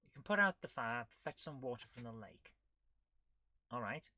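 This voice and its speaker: A woman's voice: rumbling low, lively intonation, normal speed, sharp tone, dry recording. A woman hosting a retro gaming stream, reading the game's text aloud and adding wry, dry asides as she plays. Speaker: host of a retro gaming channel. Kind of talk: live gameplay commentary.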